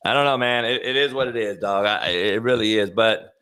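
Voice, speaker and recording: A man hosting a talk show who argues in a casual, profane rant, rising into loud outbursts as he makes his points. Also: lowish voice, brisk, smooth. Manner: animated, profane ranting with sudden loud outbursts. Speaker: show host, former coach.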